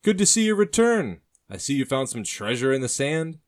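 A man's voice: a little high, wildly swooping pitch, unhurried, pitched above the performer's own voice. A man voicing a stern, protective older brother in a storybook reading, tart and blunt. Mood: suspicious.

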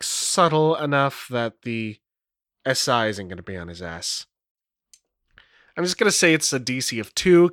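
Casting note: a man narrating a solo tabletop game, lively pitch, unhurried, dry close mic. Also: no echo. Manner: rambling, many fillers, laughs at rolls. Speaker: game master and player.

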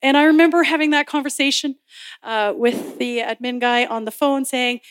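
A high-pitched woman shares her faith story from the pulpit, bouncing between narration and playful acted-out voices. The sound is dry and close, with no room echo. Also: normal speed, clear, resonant tone. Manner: animated storytelling, acting out quoted voices; laughs often while telling. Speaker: speaker at a Bible college chapel. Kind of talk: personal testimony in a sermon.

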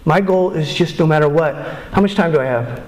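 A middle-aged man giving candid personal testimony as a speaker at a recovery meeting, earnest and halting, often restarting his sentences. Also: a little high, a little mellow. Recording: echoey room.

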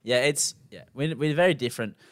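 A man's voice: medium pitch, fairly quick, no room sound, studio quality. A young Australian man co-hosting a podcast in casual chat, laid-back, laughing often and swearing freely. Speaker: podcast co-host.

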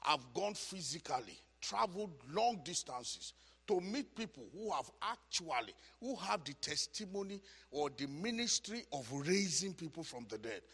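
A man teaching a Bible study as a sermon, preaching with passion, repeating phrases for emphasis and building to shouts. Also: a little high, sing-song, normal speed, breathy edge, big-room sound.

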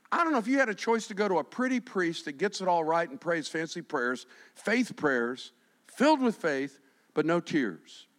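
Impassioned high-pitched male preacher. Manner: impassioned, swinging from hushed to shouting. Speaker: pastor. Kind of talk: sermon.

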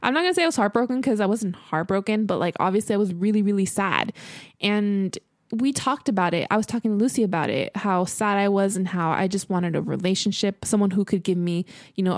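A young woman in her twenties recounting a dating story in a relaxed, chatty way, peppered with "like" and "you know." Her voice sits in an ordinary middle range and is recorded close and dry. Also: medium pitch, no room sound. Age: 20s. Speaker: podcast co-host. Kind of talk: casual storytelling.

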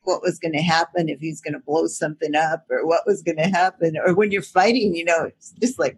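Chatty older woman guest, husky voice, easy laughs, lots of ums. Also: low-pitched, steady tone, fairly quick, hardly any pauses. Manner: chatty, laughs often, many fillers. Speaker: voice actor guest. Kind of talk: casual interview chat.

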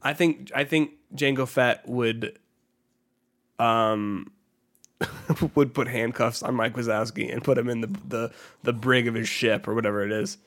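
Brief: male podcast co-host, mid-pitched voice, loose rambling chat padded with "like.". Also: steady tone, a little slow, fairly bright tone. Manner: rambling, heavy use of "like" fillers. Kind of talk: casual chat about video games.

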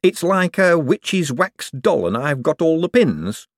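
A man voicing an excitable young male inventor who speaks eagerly and breathlessly. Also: mid-range voice, measured pace, dry recording, clean studio sound.

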